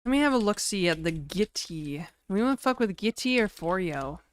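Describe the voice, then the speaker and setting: A woman's voice: medium pitch, animated, normal speed. A woman streaming live, chatting casually and rambling while reading out chat messages.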